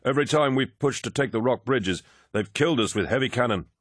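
A man's voice: medium pitch, a little fast, slightly rough, no echo, studio quality, voice pushed up, close to an everyday voice. A man voicing a nervous, worn-out army officer who speaks through a mask with ragged, pained breathing. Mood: urgent warning. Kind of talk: audiobook character voice.

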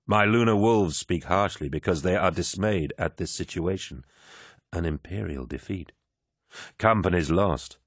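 Audiobook warlord, male, deep and unhurried, quietly in command, voiced by a man. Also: breathy edge, no echo, studio quality, exaggerated voice. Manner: slow, soft and measured. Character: calm commanding male warlord, measured and paternal.

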